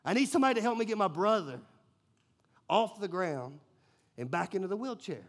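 A man's voice: sits high, sing-song, brisk. A man voicing a frightened twelve-year-old boy who pleads for help. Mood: pleading. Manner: pleading, breathless rush.

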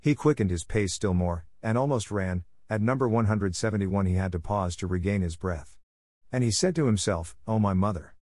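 A man giving a steady, measured storybook narration. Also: lowish voice, dry recording, clean studio sound. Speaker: audiobook narrator.

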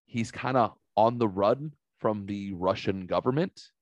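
A low-voiced man hosts a casual podcast, and he tells stories with plenty of swearing. He acts out what everyone said. The sound is close and dry, with no room around it. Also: measured pace, no room sound, lo-fi sound. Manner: animated, profane, acts out quotes. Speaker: podcast host. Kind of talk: casual storytelling chat.

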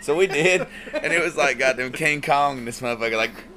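A man's voice: mid-range voice, brisk, sharp tone, a little hiss or hum. A man, a musician guest telling laid-back, profane stories in casual chat.

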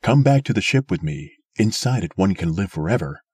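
A man's voice: low-pitched, sing-song, fairly quick, darkish tone, breathy edge, dry recording, studio quality, heavily acted. A man voicing an earnest, determined young man in a storybook reading, speaking with raised urgency. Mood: urgent.

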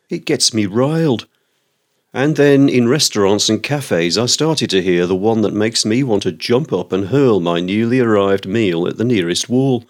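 A man's voice: fairly low pitch, lively intonation, moderate pace. An older man delivering an indignant, exasperated comic rant about the misuse of words, with a theatrical delivery. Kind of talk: scripted comic rant on language.

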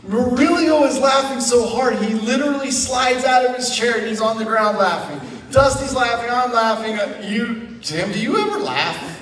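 A man speaking as a guest in a church, telling a funny mission-trip story in an animated way and often laughing as he talks. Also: very high voice, moderate pace, few pauses, slight background noise. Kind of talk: storytelling testimony. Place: church sanctuary. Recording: echoey church hall from a distance.

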